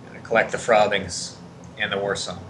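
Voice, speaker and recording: Low but bright guy doing color commentary on a card game, explains the matchups, ac hum behind. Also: level tone, a little fast, low-quality recording. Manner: short agreeing interjections and strategy explanations. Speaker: esports co-caster.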